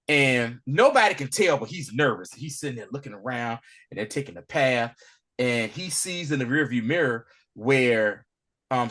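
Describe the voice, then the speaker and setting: A man casually retelling a TV episode in loose, slangy speech, animated and acting out bits as he goes. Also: medium pitch. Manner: animated storyteller, loose and slangy, acts out lines. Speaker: podcast co-host recapping a TV episode. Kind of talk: casual recap chat.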